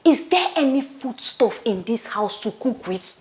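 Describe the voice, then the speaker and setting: Fed-up young wife with a Nigerian accent, sharp and combative, in a high, very lively voice. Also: female voice, a little slow, echoey room. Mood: exasperated. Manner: sharp, confrontational.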